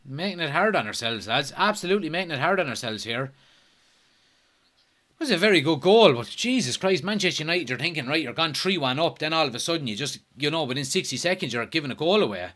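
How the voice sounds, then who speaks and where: A young man hosts a live football watchalong, his voice on the high side and fast. He reacts excitably, swears a lot, and reads out comments from viewers.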